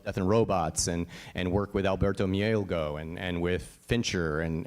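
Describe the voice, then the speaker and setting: A man from Connecticut, a voice actor on a panel, telling stories in a blunt, emphatic way, swearing now and then and often asking "right?". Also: on the low side. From Connecticut, USA. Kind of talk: casual panel storytelling.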